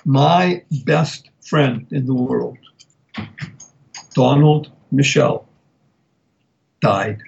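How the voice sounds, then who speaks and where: Slow gravelly older man on talk radio. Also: mid-range voice, darkish tone, dull audio. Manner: slow, deliberate, spelling words out with emphasis. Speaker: radio talk show host. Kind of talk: live talk radio monologue.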